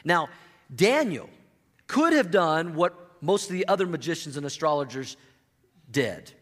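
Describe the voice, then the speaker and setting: A man's voice: a little high, very animated, a little slow. A middle-aged man preaching a humorous sermon to a church congregation, telling stories and acting out the quotes. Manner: playful, storytelling, acts out quotes. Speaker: pastor. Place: church sanctuary. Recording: long hall reverb.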